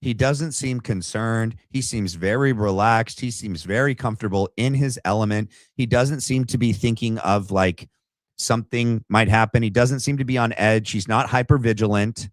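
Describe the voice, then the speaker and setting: A man's voice: lowish voice, normal speed, dry recording, clean studio sound. A man hosting a livestream, giving opinionated commentary in a conversational way and reading out viewer chat. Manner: opinionated and conversational, thinks aloud. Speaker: podcast host.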